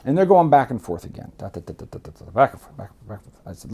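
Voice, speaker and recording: A man's voice: medium pitch, very animated, rapid-fire, gravelly, warm tone, breathy edge. A man from Miami telling stories in a blunt, profane, rambling way. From Miami, USA. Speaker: guest storyteller. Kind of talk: candid storytelling.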